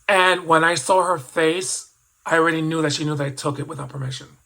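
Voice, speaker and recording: A man in his fifties with a bright, forceful voice pitched a little higher than most men's. He tells a personal story in a rambling, reflective way, often restarting sentences and trailing into asides. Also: fairly even intonation, fairly quick, creaky, low-quality recording. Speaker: toy collector vlogger.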